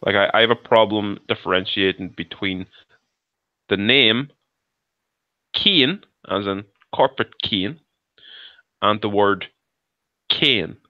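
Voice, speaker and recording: A man co-hosting a podcast over a video call, talking in a halting, rambling way with many restarts. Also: lowish voice, no echo. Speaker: podcast co-host. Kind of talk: casual chat. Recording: muffled lo-fi call audio.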